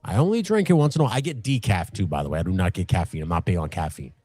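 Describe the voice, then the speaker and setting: A man's voice: racing, dry recording. A middle-aged man in casual, profane chat as co-host of a live stream, rambling and laughing often. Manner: rambling, animated, laughs often, acts out high voices in stories. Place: home workshop. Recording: dry room with faint music.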